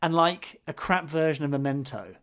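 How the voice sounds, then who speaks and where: A man's voice: fairly high pitch, animated, normal speed, a bit bright. A man co-hosting a podcast in casual chat, with wry, grumbling humor and frequent restarts. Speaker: podcast co-host.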